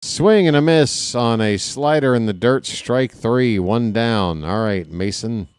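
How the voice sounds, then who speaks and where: A man calling a baseball game live in a casual play-by-play style, chatty and candid, drifting into personal asides between the pitches. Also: slow, smooth. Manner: candid and self-deprecating. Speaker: play-by-play announcer.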